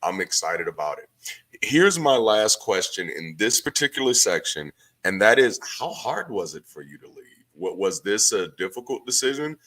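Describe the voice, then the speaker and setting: Low, bright-toned male host, enthusiastic and warm-hearted in chat. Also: sing-song, moderate pace, poor audio. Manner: enthusiastic, laughs often. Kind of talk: live group discussion.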